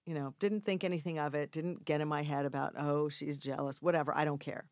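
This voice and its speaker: An older woman telling a casual anecdote in an interview, acting out the quoted voices with sudden loud, high outbursts. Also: fairly quick, no echo, studio quality. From Mexico. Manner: animated storyteller acting out quoted lines with big jumps in pitch and volume. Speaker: actress guest telling a story.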